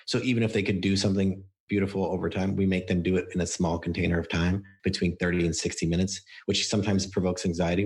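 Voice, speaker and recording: A man's voice: low-pitched, little pitch movement, quick pace, hardly any pauses, darkish tone. A man on a podcast interview, explaining his coaching process through stories and acted-out quotes from clients. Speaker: book coach guest.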